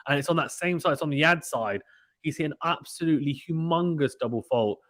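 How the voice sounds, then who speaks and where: A man's voice: on the high side, brisk, dry recording. Chatty man commentating tennis live. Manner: chatty, excitable, uses British slang. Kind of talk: casual live play-by-play commentary reading chat.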